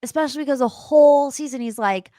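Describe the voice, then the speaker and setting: Young woman podcast host, a bit high voice, dry close mic, chatty and opinionated. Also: fast, no room sound. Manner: chatty, opinionated and animated, with sarcastic asides. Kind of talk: casual pop-culture podcast chat.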